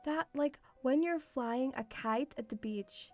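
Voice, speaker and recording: A woman's voice: high voice, slow, warm tone. A woman streamer in casual chat, rambling and thinking aloud with lots of filler words. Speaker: VTuber streamer.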